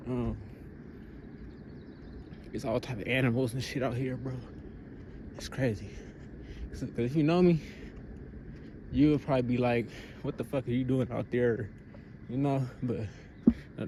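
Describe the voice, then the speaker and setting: A man's voice: mid-range voice, darkish tone, a little hiss or hum. A man talking casually to his phone camera, slangy and full of fillers, out of breath as he walks outdoors in the countryside. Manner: laid-back slangy talk with many fillers. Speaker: motivational vlogger. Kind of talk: casual vlog talk.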